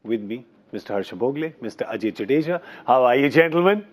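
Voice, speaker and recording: A man's voice: mid-range voice, lively intonation, quick pace. A middle-aged man hosting a cricket studio show, with playful, teasing banter. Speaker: show host. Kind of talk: lively studio cricket chat.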